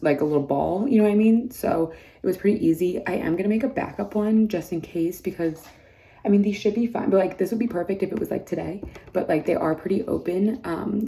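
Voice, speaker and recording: A woman chats through a casual vlog from an indoor mud room, her voice going hoarse. She rambles with many fillers and "like"s, in a lowish, mellow tone. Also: slight background noise. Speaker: bride vlogging her wedding week.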